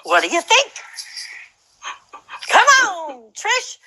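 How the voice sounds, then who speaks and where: A woman's voice: very high voice, wildly swooping pitch, takes it slowly, pushed and bright, full character voice. A woman putting on the playful, teasing voice of a departed woman friend, sing-song and laughing.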